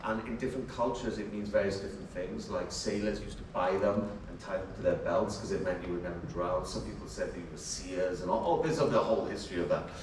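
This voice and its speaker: A man's voice: sits low, quick pace, hardly any pauses. Man, chatty, in an echoey hall. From Wales. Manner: animated, chatty, laughs while telling stories. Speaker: actor, panel guest. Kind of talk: convention Q&A storytelling. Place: large convention hall. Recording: very echoey hall, distant, faint noise.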